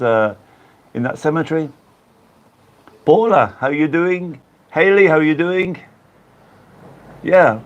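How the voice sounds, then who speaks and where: A chatty English man runs a casual live stream, reading out viewers' names and laughing as he goes. His voice sits a bit high for a man, with a relaxed, rambling manner. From England. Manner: chatty, laughs often, greets viewers by name. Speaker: YouTube host reading live chat.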